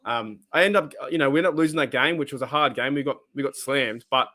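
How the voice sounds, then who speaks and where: A man's voice: medium pitch, quick pace. Rambling Australian man, live-stream host. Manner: rambling, animated, swears freely. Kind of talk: casual live-stream chat.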